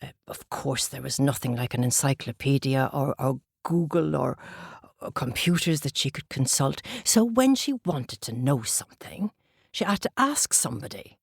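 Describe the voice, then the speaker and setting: Woman telling a kids' story, low gravelly voice, slow and gentle, dry close sound. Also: animated, no echo. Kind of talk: oral storytelling for children.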